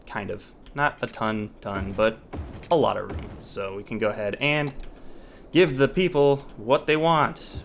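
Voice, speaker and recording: A man's voice: medium pitch, a little hiss or hum. A man hosting a let's play, talking casually as he thinks aloud, restarting sentences and trailing off, with mild exasperation. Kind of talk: casual gameplay commentary.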